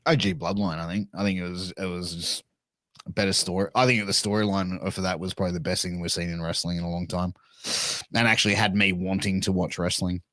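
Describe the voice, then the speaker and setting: A middle-aged man with an Australian accent talks bluntly and swears freely as he rambles through backstage stories. His voice sits low, and the sound is dry and close to the mic, with no room around it. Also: steady tone, fairly quick, a bit bright, dry recording. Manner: blunt, profane, rambling storyteller. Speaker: podcast guest, wrestling manager. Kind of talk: casual interview chat.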